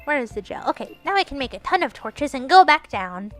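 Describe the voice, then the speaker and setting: A woman's voice: high-pitched, sing-song, fairly quick, hardly any pauses, dry recording, soft background music. A woman talking through her game in casual, playful commentary, chatty and narrating her own moves, with bursts of teasing mock scolding. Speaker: gaming streamer.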